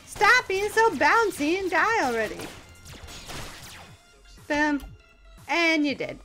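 A young woman hosting a gaming channel, giving excitable, playful, self-mocking let's-play commentary. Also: extremely high pitch, slow pace, soft background music.

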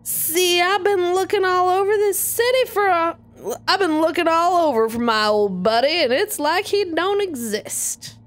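A woman's voice: very high-pitched, lively intonation, pitched above the performer's own voice. A woman voicing a menacing, sweet-talking Southern man with a put-on drawl, reading a visual novel villain aloud. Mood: syrupy menace. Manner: slow, syrupy, threatening.

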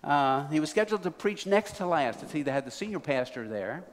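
A man's voice: a little high, a little fast. A man preaching a sermon, telling a folksy story to a congregation. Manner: folksy, building to excited. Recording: reverberant hall.

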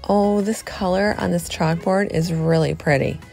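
A middle-aged woman chatting excitedly to viewers as she shops a thrift store, filming on a handheld phone. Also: on the low side, moderate pace, creaky, soft background music. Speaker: vlogger. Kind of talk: casual thrift-store vlog chat.

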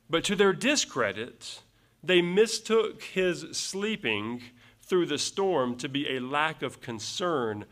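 A man's voice: mid-range voice, a bit bright. A male pastor preaching a verse-by-verse sermon, earnest, repeating phrases for emphasis and closing points with rhetorical tag questions.

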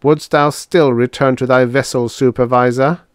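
A man's voice: mid-range voice, steady tone, moderate pace, clean tone, dry recording, studio quality, voice pushed up, close to an everyday voice. A man voicing a submissive, devout robot who speaks in chanting, archaic phrases. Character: zealous worshipping robot, male, submissive.

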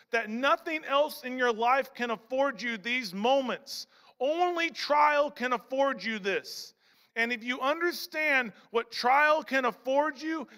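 A man's voice: very high voice, pushed and bright, big-room sound. A man preaching a sermon as pastor in a church, talking in a conversational way with repeated phrases and restarts. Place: church sanctuary.

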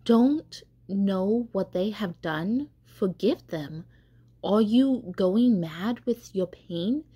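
A woman's voice: medium pitch, animated, drawn-out words, mellow, husky, exaggerated voice. A woman voicing a proud young male tree, anxious and pleading as he wonders aloud in a storybook. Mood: agitated.

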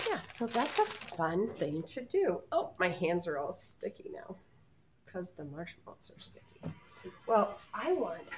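A woman teaching preschoolers, talking gently and encouragingly to small children and leading a sing-along. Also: fairly low pitch, highs cut off, slight background noise.

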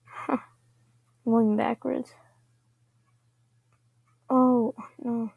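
A high, very breathy woman's voice talks through a match in an unhurried, casual way. Her tone is mellow with a gravelly fry underneath. She keeps slipping into hushed asides between remarks. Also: fairly even intonation, no room sound. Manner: chatty, often drops into whispers. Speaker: gameplay commentator. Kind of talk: casual gaming commentary.

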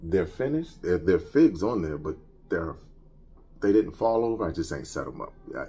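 A man chatting casually while showing off his toy collection at home, joking and slangy and quick to laugh. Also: deep voice, very animated, warm tone, slightly rough. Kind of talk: casual unboxing chat. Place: home collection room with shelves.

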